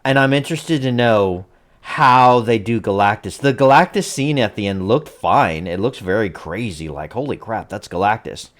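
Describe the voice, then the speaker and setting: A man's voice: expressive, moderate pace. Rambling man reacting to a trailer. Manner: rambling, hedging, many fillers and restarts; rises in pitch and loudness when emphatic. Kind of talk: casual opinion commentary.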